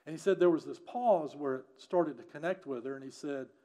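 A man preaching a sermon as a pastor, telling a story earnestly and often dropping to a hushed voice. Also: on the high side, fairly quick.

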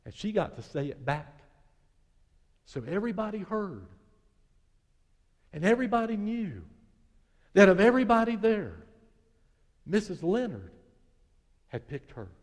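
A man's voice: high-pitched, big pitch swings, a little slow, long pauses. Man preaching in a reverberant hall. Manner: storytelling, dropping to hushed tones and then swelling. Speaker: pastor. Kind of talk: sermon.

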